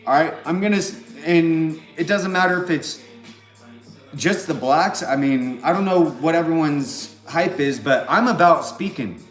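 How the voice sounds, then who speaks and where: This Californian vlogger talks in a meandering, foul-mouthed monologue, circling repeatedly on filler phrases in his local accent. His voice is on the high side and measured in pace, recorded with roomy echo and faint background music.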